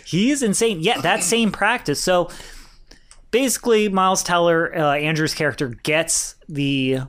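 A man co-hosting a film podcast, retelling scenes in an animated way and acting out the lines. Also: sits high, unhurried. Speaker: podcast co-host. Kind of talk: casual film review chat.

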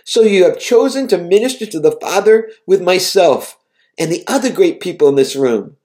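A man voicing a gentle, welcoming male Jesus in a devotional reading, speaking warmly and encouragingly. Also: sits high, expressive, normal speed, pitched above the performer's own voice. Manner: warm and encouraging.

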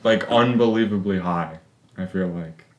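A man's voice: sits low, unhurried. A man co-hosting a casual podcast chat, joking and laughing often. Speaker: podcast co-host. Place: basement room. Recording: echoey room.

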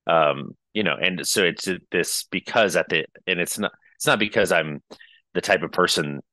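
A man co-hosting a podcast, talking reflectively in casual conversation, with frequent halting restarts. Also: sits low, sharp tone, no echo. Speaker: podcast co-host.

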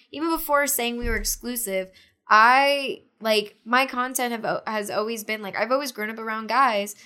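A woman's voice: on the high side, clean tone. A young woman as a podcast guest, telling a story in casual chat, full of "like" fillers and acting out what people said. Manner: animated retelling with many "like" fillers, acting out quotes.

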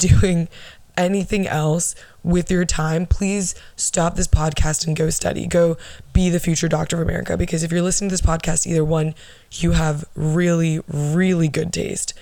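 A young woman hosting a podcast, telling stories in a casual, rambling way. Her voice is soft and low like an alto and is worn from losing it. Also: steady tone, moderate pace, vocal fry, no echo. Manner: chatty, rambling with asides and laughs. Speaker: podcast host. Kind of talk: casual solo podcast storytelling.

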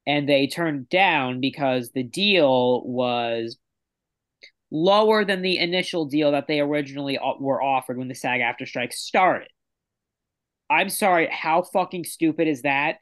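A man's voice: a little high, unhurried, a bit bright. A man co-hosting a casual podcast, ranting in an exasperated way. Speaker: podcast co-host.

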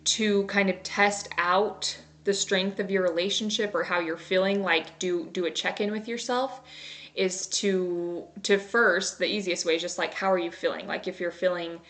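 A woman's voice: lowish voice, normal speed. Chatty woman coaching on marriage. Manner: chatty, animated acting out of her own thoughts. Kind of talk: solo podcast teaching.

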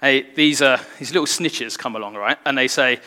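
Bright-voiced preacher in echoey hall. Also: male voice, medium pitch, moderate pace. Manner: conversational, earnest, jokes with the congregation. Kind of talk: sermon. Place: church hall. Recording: long reverb in a hall.

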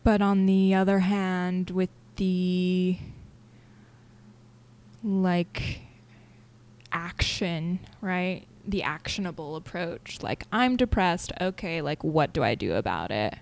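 A young woman hosting a personal solo podcast, talking candidly and haltingly with many fillers and restarts. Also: lowish voice, darkish tone. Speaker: podcast host.

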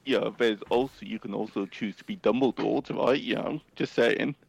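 A man's voice: medium pitch, moderate pace, creaky, muffled recording, crowd noise. A man co-hosting a casual podcast over a call, joking goofily and repeating himself for laughs. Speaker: podcast co-host. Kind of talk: casual chat.

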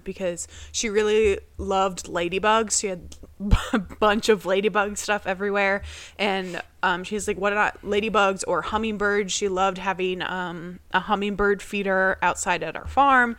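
A woman's voice: mid-range voice, fairly bright tone, no echo. Young woman, podcast co-host, casual rambling storytelling, mid-range voice, dry close sound. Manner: rambling, heavy on fillers, acts out quoted family voices.

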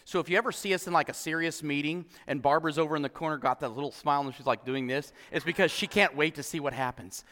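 A man preaching a sermon as pastor, animated and exclaiming often to his congregation. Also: fairly high pitch, fast talker, few pauses, slight background noise. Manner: animated, exclaiming "huh?" and "come on". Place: church hall. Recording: long hall reverb.

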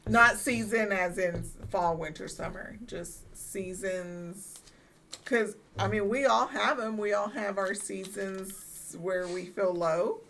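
A woman with a gravelly, frayed voice in a relaxed conversation. She talks at length and defends herself readily. Faint noise hums in the background. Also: mid-range voice, slow. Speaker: guest talking about her relationship. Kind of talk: casual chat.

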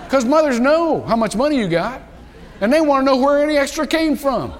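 A man preaches from the pulpit, spinning a story and acting out the people in it with animated energy. His voice sits high for a man. The sound rings with the long reverb of a large church sanctuary. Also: fairly quick. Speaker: pastor. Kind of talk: sermon storytelling.

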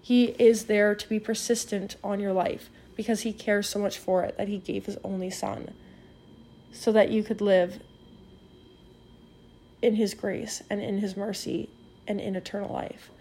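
Earnest woman with a mellow voice. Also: medium pitch, level tone, unhurried. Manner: earnest, encouraging, addresses listener directly. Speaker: devotional speaker. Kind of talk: spoken devotional retelling a parable.

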